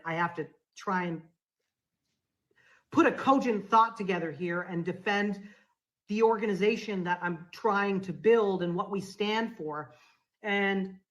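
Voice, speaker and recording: A woman guest tells a story on a podcast in a casual, conversational way. Her voice sits at a middle pitch. She gets animated and acts out the dialogue of the people in the story. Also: poor audio.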